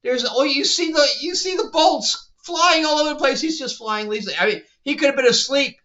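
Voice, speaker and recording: A man's voice: very high voice, brisk, sharp tone, muffled recording. A man reviewing a show in a casual vlog, exasperated and sarcastic, rambling with restarts.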